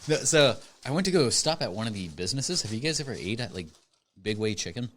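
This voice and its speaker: A man's voice: medium pitch, very animated, fast talker, fairly bright tone. A man co-hosting a casual podcast, telling a rambling story full of filler words. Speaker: podcast co-host.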